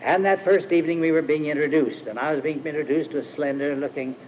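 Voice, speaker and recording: An older man with a fairly high voice tells stories in a loose, rambling sermon, stumbling over uh's and restarting his sentences. The sound is a dull, muffled old archive recording with faint hiss behind him. He is speaking at a camp meeting. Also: fairly even intonation. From Iowa, USA. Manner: rambling, halting, with many uh-hesitations and restarts. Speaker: speaker at a Christian retreat camp. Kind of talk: informal storytelling sermon.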